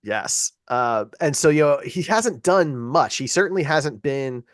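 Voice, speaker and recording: A man's voice: a little high, lively intonation, unhurried, dry recording, studio quality. A man co-hosting a podcast in casual chat, agreeable and chatty, often adding film trivia. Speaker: podcast co-host.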